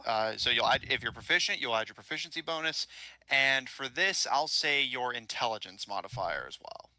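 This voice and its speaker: A man's voice: mid-range voice, animated, moderate pace, sharp tone, dry recording, rough recording. A man running an online tabletop game as game master, chatty and laughing between lines, full of uhs.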